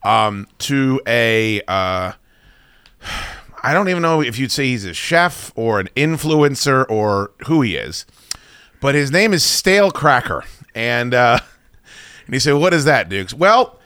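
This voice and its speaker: Male podcast host, bright and forceful, opinionated and profane, casual chat. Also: mid-range voice, sing-song, takes it slowly, smooth, no room sound, clean studio sound. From United States.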